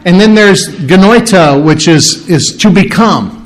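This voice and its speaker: A man's voice: high voice, expressive, a little slow, rough recording. A man preaching a conversational Bible-study sermon, full of rhetorical questions and restarts. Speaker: pastor.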